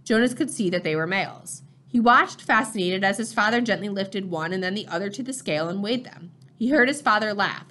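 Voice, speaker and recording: A woman's voice: medium pitch, expressive, brisk, hardly any pauses, bright, forceful tone. Woman reading a novel aloud. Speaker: audiobook reader. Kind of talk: novel narration.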